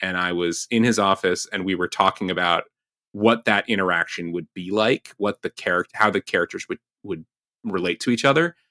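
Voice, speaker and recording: A man's voice: deep voice, brisk, bright, forceful tone, dry recording, studio quality. A man guesting on a podcast interview as a TV writer, chatty and self-interrupting as he tells stories.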